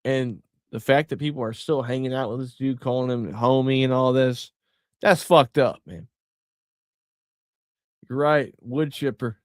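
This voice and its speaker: A man's voice: medium pitch, measured pace, no echo, clean studio sound. A middle-aged man hosting a podcast, giving blunt, profane, heated commentary. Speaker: podcast host.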